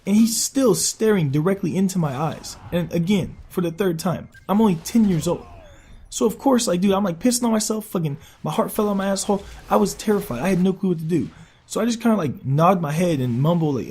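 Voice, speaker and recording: A young man telling a casual, profane story for his vlog in an animated way. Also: high-pitched, a little fast, slightly rough. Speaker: vlogger.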